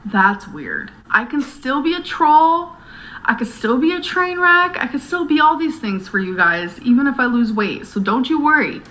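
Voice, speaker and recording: A woman's voice: sits high, animated, normal speed, sharp tone, poor audio. A woman vlogging to camera in a rambling, earnest, emotional way. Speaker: YouTuber. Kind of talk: talking to camera vlog.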